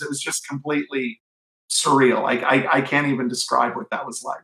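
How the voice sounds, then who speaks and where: A man's voice: mid-range voice, fairly even intonation, normal speed, gravelly, pushed and bright, roomy sound, rough recording. A middle-aged man from Cleveland, telling enthusiastic stories as an author in an interview, with lots of restarts and fillers. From Cleveland, USA. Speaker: author and guest. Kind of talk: anecdotal interview storytelling.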